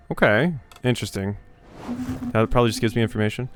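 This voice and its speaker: A man's voice: lowish voice, animated, fast, long pauses, soft background music. A man hosting a gaming channel, doing casual game commentary in a wry, joking way with many fillers.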